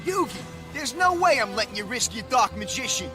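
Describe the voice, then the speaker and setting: A brash, hot-headed young tough from a cartoon dub, pitched very high and pushy. Loud music plays under him throughout. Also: male voice, sing-song, fairly quick. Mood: protective. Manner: brash, protective. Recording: played over loud music.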